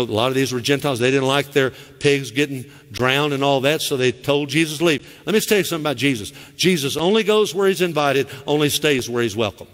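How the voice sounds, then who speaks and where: A middle-aged man with a Southern US accent preaching a lively sermon as pastor in a church, acting out quoted voices with sharp high cries. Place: church sanctuary. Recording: church sanctuary with long reverb.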